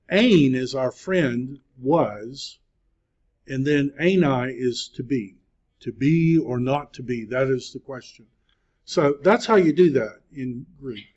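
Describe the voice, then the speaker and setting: A man teaches biblical Greek to a class at an unhurried, deliberate pace. He talks patiently and encouragingly, pausing often. The classroom recording sounds muffled and lo-fi. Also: mid-range voice, a little mellow. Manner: slow, patient, encouraging, with many "uh" pauses. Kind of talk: classroom lecture.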